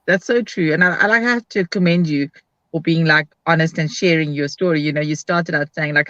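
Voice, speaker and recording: A woman's voice: deep voice, a little fast, a bit bright, dry recording. A woman hosting a casual live video chat, talking in a frank, upbeat way and acting out her own quotes. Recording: dull, dry lo-fi sound.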